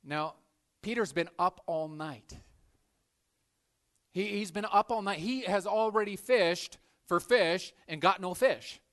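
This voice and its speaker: Male pastor, slightly high voice; lively sermon storytelling that swings between loud and hushed. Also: takes it slowly.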